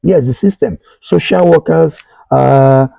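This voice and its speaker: Very gravelly Nigerian man giving advice. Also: fairly high pitch, a little slow, dark tone, no echo, poor audio. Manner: earnest, repetitive, addresses listeners directly. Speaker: host. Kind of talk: advice monologue.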